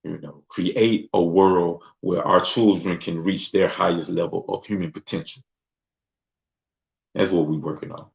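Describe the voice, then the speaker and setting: A man's voice: sits low, fairly even intonation, unhurried, vocal fry, darkish tone. A man from Mississippi hosting a casual talk show, speaking loosely and slipping into voices to act out other people. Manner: loose, conversational, acts out voices. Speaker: host. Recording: dull lo-fi sound.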